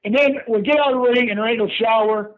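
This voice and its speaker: An older man telling lively stories as a guest in an interview, laughing often and calling the listener "brother". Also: very high-pitched, fast. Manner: lively yarn-spinner who laughs often and says "brother". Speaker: guest, retired pro wrestler. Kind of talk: animated storytelling in an interview. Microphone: phone call. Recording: tinny phone line.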